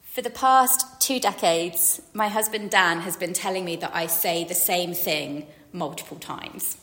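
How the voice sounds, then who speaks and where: Woman, forties, chatty sermon, bright voice, long hall reverb. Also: fairly low pitch, unhurried. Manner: chatty, self-deprecating, acts out quotes. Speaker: preacher.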